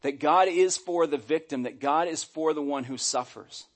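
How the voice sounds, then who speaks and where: A middle-aged man delivers a sermon from the pulpit with an animated, storytelling manner, now and then slipping into the voices of the people he quotes. His voice sits a little higher than most men's. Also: normal speed. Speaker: pastor.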